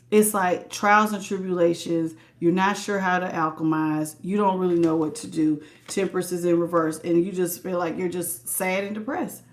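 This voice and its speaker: A woman's voice: lowish voice, steady tone, normal speed, few pauses. A woman giving a live tarot reading, chatty and emphatic, greeting viewers by name and repeating words for stress. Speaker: tarot reader.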